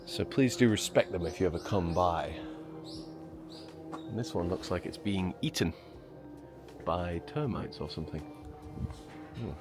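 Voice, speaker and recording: Music plays in the background as a man with a low-pitched, expressive voice talks a little slowly, pausing often. This travel vlogger walks up a hillside trail and road to a shrine, chatting to his camera, breathless from the climb and poking fun at himself.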